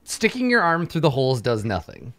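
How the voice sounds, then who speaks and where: A man's voice: medium pitch, huge pitch swings, brisk, fairly bright tone. A man as dungeon master, casually narrating a tabletop game and restarting phrases as he goes.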